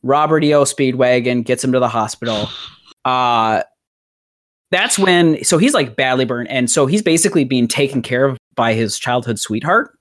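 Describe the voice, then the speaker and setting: A woman's voice: rumbling low, expressive, moderate pace. A woman on a casual comedy podcast, rambling through a story plot with frequent laughter. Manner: rambling, laughs often, acts out characters' lines.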